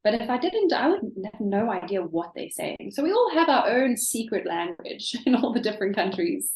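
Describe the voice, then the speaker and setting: A South African woman, an English teacher, chatting as a guest in an interview, animated and thinking aloud with lots of ums. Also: a little high, moderate pace. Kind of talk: casual interview chat. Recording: echoey room.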